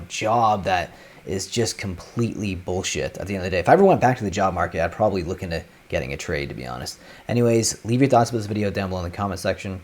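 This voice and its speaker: A man hosting a reaction video, talking in a relaxed, offhand, conversational way. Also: low-pitched, a little hiss or hum. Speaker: host reacting to clips. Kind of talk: casual commentary.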